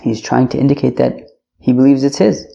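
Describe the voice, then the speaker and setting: A man's voice: medium pitch, little pitch movement, brisk, mellow, muffled recording. A man teaching a casual Talmud class, loose and chatty, sprinkling in Yiddish and Aramaic terms. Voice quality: gravelly.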